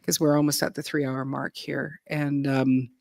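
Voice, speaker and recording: A woman's voice: extremely low pitch, level tone, normal speed, creaky, darkish tone. A woman co-hosting a casual livestream chat, loose and playful, with many restarts.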